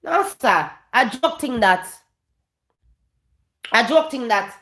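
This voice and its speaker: A woman's voice: a little high, animated, takes it slowly, fairly bright tone, reverberant. A woman with a Jamaican accent hosting a gossip commentary vlog, emphatic and repeating her points, slipping in and out of Patois. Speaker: vlogger host.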